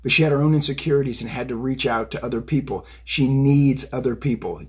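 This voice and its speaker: A man's voice: medium pitch, brisk, husky. A man giving a tarot reading on a phone video, blunt and fired up, swearing and rambling. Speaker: tarot reader. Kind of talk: casual profane psychic rant.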